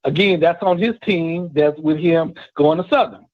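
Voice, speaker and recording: Argumentative high-voiced male caller, phone line. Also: normal speed, slight background noise. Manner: argumentative, casual and profane. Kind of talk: phone-in to a sports talk show. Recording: dull dry phone line.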